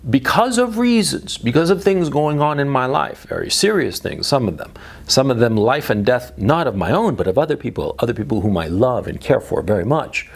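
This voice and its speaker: A man talks straight into the camera in an opinionated monologue that is blunt and laced with profanity. His voice sits a little high and has a gravelly edge. He drops into low muttering, then jumps up into sharp emphasis. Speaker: video commentator.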